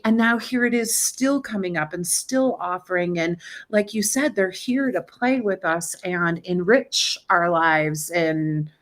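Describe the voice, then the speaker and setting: A woman hosting a podcast chats over a video call. She talks in an animated, gushing way and drops a swear word now and then. Her pitch sits in a middling range. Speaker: podcast host. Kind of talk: casual chat.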